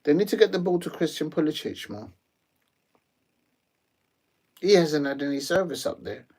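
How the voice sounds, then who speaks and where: Guy live streaming a footy match, rambles and jokes a lot, slang everywhere, yells when a goal goes in. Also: fairly high pitch, normal speed. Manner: rambling, slangy, jokey, bursts into excited shouts. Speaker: watch-along streamer. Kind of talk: live watch-along commentary.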